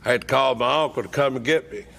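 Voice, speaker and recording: A man telling a wry, deadpan story from his own life at a recovery meeting. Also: mid-range voice, fast talker, vocal fry, slight background noise. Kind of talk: humorous personal storytelling.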